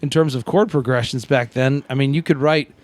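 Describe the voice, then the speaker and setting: A man on a podcast as the comedian guest, riffing in animated, casual comedic chat. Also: medium pitch, brisk. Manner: animated, riffing, breaks into shouted singing.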